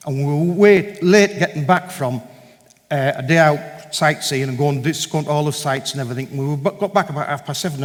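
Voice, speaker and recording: At a church event, a guest speaker with a fairly high voice shares his personal testimony. He tells it animatedly, acting out every piece of dialogue. The hall he's in gives a long, ringing reverb.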